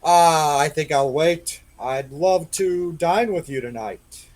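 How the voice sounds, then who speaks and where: Playful male tabletop player, slightly high. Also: takes it slowly, darkish tone. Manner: playful, in-character flirting and banter. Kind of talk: casual tabletop play.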